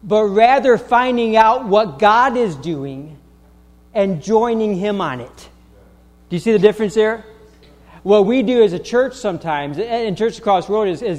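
A male pastor with a high voice preaches in a church, his words ringing with a long hall reverb. He speaks haltingly, restarting phrases and filling gaps with "uh" and "um". He presses his points with growing insistence. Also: animated, darkish tone. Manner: halting, with many restarts and fillers; grows emphatic and insistent. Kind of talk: sermon. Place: church sanctuary.

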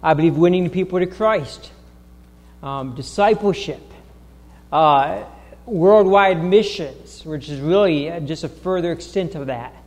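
High-pitched male preacher, lots of um and restarts, big echoey church sound. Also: a little mellow. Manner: halting, with many restarts and fillers; grows emphatic and insistent. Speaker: pastor. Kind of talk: sermon. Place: church sanctuary.

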